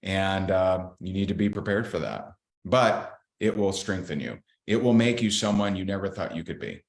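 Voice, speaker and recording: Deep-voiced guy telling his faith story, earnest and blunt, echoey room sound. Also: normal speed. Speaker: podcast guest. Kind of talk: candid faith testimony. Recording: roomy echo.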